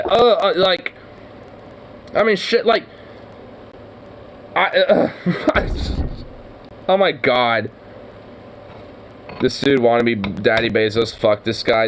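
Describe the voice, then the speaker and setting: Hombre furioso soltando groserías. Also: male voice, a little high, slight background noise, low-quality recording. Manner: angry, swearing rants. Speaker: streamer reacting to a video. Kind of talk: profane reaction commentary.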